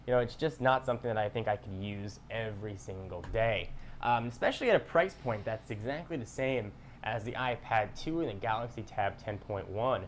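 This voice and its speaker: A man gives a measured, scripted tech review. His delivery is plain and explanatory. There is faint hiss from an older archived recording. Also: lowish voice.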